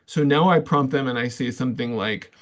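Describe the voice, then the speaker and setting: A man's voice: medium pitch, fairly quick. A man leading a management training workshop, telling anecdotes conversationally and acting out the quoted dialogue with many fillers and restarts. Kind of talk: live online workshop talk.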